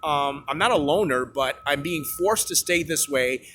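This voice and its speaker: A man's voice: fairly high pitch, expressive, normal speed, fairly bright tone. Agitated man rambling over noise. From Haiti. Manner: agitated, repetitive, many restarts. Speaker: vlogger. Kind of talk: rambling personal account. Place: outdoors near a tent camp.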